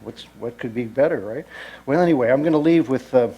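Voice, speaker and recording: A man giving an informal travel lecture to an audience, halting speech with frequent pauses and restarts, and dry asides. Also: medium pitch, dark tone, breathy edge, highs cut off. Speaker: destination lecturer.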